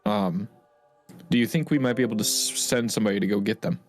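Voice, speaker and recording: A man's voice: lowish voice, quick pace, faint music behind. A man playing a tabletop game, speaking in a hesitant, thoughtful way. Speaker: player.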